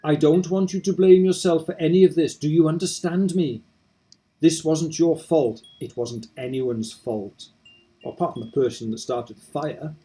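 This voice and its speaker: Guy putting on a higher gentle voice for a dying young woman, mellow, soft and pleading. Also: close to an everyday voice. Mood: tender. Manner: soft, pleading, slowing into hushed lines. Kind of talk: reading game dialogue aloud.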